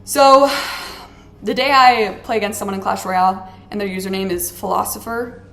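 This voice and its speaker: A woman vlogger talks over her mobile game in a casual, rambling rant, full of exasperated sarcasm and dramatic complaints. Her mid-range voice has a gravelly, fry-edged texture. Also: medium pitch, steady tone, moderate pace, a bit bright, a little hiss or hum. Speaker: gaming vlogger. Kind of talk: casual ranting chat while playing a game.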